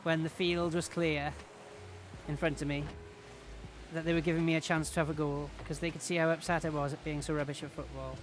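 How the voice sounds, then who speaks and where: High-voiced chatty man streaming. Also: flat delivery, brisk, faint music behind. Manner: chatty, self-mocking, rambling. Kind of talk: casual game-stream commentary.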